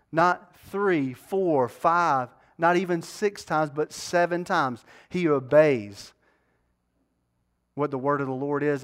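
An animated male preacher working through a Bible passage verse by verse. His voice is a little higher than most men's. He keeps challenging his listeners with questions. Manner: lively, asks the congregation rhetorical questions. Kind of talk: sermon.

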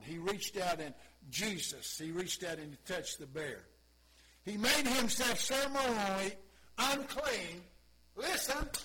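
A man preaching a sermon, impassioned, moving between quiet asides and loud exclamations. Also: high voice, very noisy. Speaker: pastor.

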